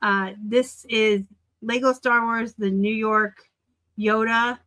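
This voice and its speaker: A woman in her forties hosting a reseller channel, chatting casually and excitably as she looks over sold listings. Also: on the high side, takes it slowly. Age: 40s. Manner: chatty and excitable, gushing over items and teasing seller titles. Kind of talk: casual screen-share commentary.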